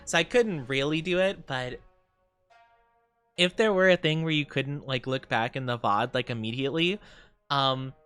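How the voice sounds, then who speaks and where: A man's voice: mid-range voice, moderate pace, a bit bright, clear, resonant tone, no room sound, soft background music. A man streaming and chatting casually with viewers, playful and giggly, rambling freely. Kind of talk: casual live-stream chat.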